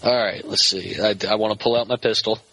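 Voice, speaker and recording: A man's voice: on the low side, fairly even intonation, brisk, a bit bright, slightly rough, soft background music, poor audio. A man playing a tabletop role-playing game over a voice call, stating his moves cautiously. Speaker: player.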